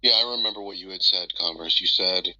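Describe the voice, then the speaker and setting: A very deep-voiced man in casual chat, pausing and correcting himself as he goes. His tone is bright. The sound is dry and lo-fi. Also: no echo. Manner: halting, pauses and corrects himself. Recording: dry, dull lo-fi app audio.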